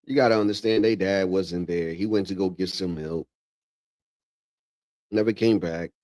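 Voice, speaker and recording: A livestream host with a low-pitched voice talks at normal speed, reacting with slangy, casual commentary. He keeps calling everyone "bro" and throws in animated asides.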